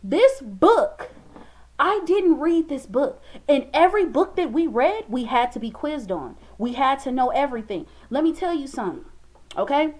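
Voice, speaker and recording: A young woman talking casually to her viewers in a motivational monologue, chatty and expressive, calling them "baby" and "y'all". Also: high voice, normal speed. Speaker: vlogger.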